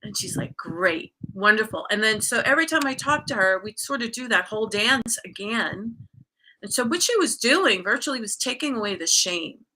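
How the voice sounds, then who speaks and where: A woman's voice: fairly high pitch, animated, a little fast, pushed and bright, slight background noise. A woman guest speaking as a coach in a casual conversation, candidly telling a personal story with plenty of fillers and restarts.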